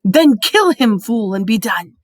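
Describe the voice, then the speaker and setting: Woman voicing a hissing cruel dark wizard. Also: on the low side, normal speed, no room sound. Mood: screeching. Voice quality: snarling, menacing.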